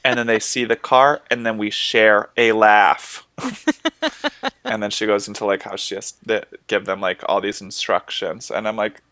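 A man's voice: on the low side, animated, measured pace, sharp tone, no room sound. A man co-hosting a podcast in casual chat, teasing and swearing freely. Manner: joking, profane, teasing. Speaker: podcast co-host.

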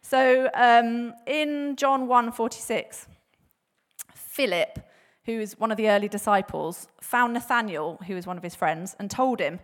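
Chatty woman preaching, slightly high. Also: unhurried. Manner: chatty, laughs often, many fillers and restarts; animated, acts out bible quotes with voices. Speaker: church speaker. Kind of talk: casual sermon talk.

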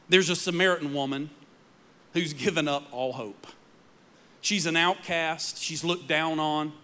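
Man, preacher, sermon, high voice, dramatic storytelling. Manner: dramatic storytelling, acting out voices, dropping to quiet emphasis.

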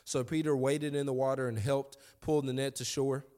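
Pastor guy preaching, gets loud and high when fired up, then goes quiet and chatty. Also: normal speed. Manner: animated, rising to high excited pitch when preaching. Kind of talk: sermon.

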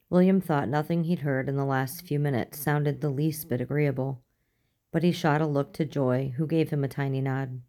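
A woman narrating a story aloud in a steady, even manner. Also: a bass voice, normal speed. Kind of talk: audiobook reading.

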